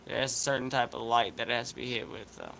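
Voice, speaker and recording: A man's voice: medium pitch, fairly even intonation, quick pace, creaky, sharp tone, a little hiss or hum, poor audio. A man with an Appalachian accent chatting in a laid-back, rambling, slangy way as a vlog host. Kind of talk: casual chat vlog.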